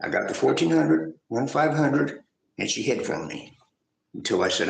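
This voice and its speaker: A man's voice: medium pitch, sing-song, normal speed, vocal fry, echoey room, a little hiss or hum, poor audio. A man telling rambling, profane stories in casual chat.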